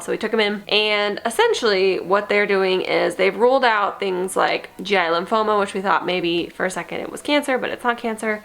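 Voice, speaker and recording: A young woman chatting casually in a home vlog, laughing easily and cooing at her cat in a high baby voice, filmed on a phone camera. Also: gravelly, fairly bright tone. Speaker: kitten foster vlogger. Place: home and car.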